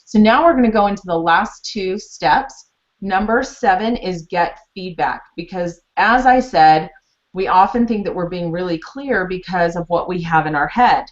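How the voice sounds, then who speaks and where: A woman's voice: lowish voice, moderate pace. A woman presenting a teaching webinar, explaining steps in a chatty, storytelling way. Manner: chatty storytelling, animated retellings. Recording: muffled lo-fi webinar audio.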